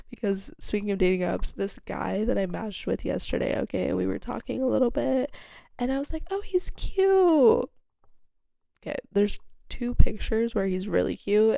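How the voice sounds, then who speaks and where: A woman's voice: medium pitch, creaky, dark tone, dry recording. A young woman hosting her own podcast, rambling candidly in a casual solo monologue, full of "like" and casual swearing. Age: young adult. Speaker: podcast host.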